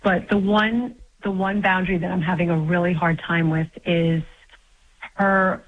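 Middle-aged woman caller from New York, hesitant, lots of ums, lowish voice, muffled lo-fi line. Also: fairly even intonation, unhurried. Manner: hesitant, with many ums and self-corrections. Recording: dull lo-fi phone call audio.

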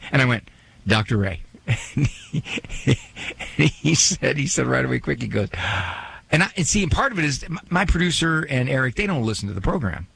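A man's voice: mid-range voice, gravelly, fairly bright tone, breathy edge. A man hosting a radio talk show, chatting in a joking, self-mocking way and acting out little quoted asides. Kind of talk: casual radio monologue.

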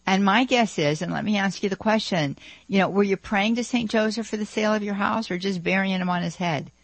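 A man co-hosting a Catholic call-in radio show, speaking in a gentle, pastoral way and laughing easily. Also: high-pitched, a little fast, vocal fry, no echo, rough recording.

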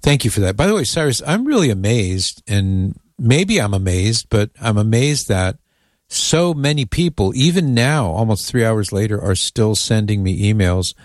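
A man's voice: lowish voice, animated, moderate pace, no room sound, clean studio sound. A man hosting a casual radio talk show, chatting in an amused way and reading listener emails aloud.

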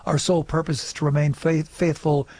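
A man hosting a call-in radio show, reading out the phone number and taking callers in a brisk, announcer-like way. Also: fairly high pitch, little pitch movement, darkish tone.

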